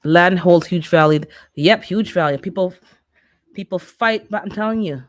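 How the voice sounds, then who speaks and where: Chatty Jamaican woman, low voice. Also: normal speed. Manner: lively, chatty storyteller. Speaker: gardening channel host. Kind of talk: casual livestream chat.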